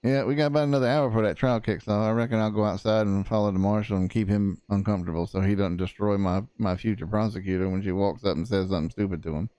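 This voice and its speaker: Man, low and mellow, smooth. Plays a rambling, folksy old frontier prosecutor full of asides. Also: fairly even intonation, fast talker, hardly any pauses, no room sound. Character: cranky old frontier lawyer. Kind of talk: in-character roleplay chat.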